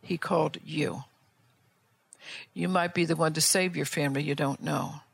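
A woman's voice: low-pitched, steady tone, normal speed, vocal fry, breathy edge, no echo. Older lady preacher getting fired up, lots of questions at the crowd, stumbles and repeats, dry close sound. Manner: fervent exhorting with rhetorical questions; frequent restarts and repeated words. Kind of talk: sermon before an altar call.

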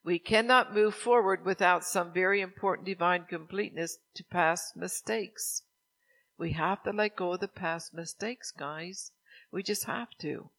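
A man's voice: high-pitched, measured pace, gravelly, a bit bright. An older man preaching a sermon in a conversational, anecdotal way, often asking his congregation questions.

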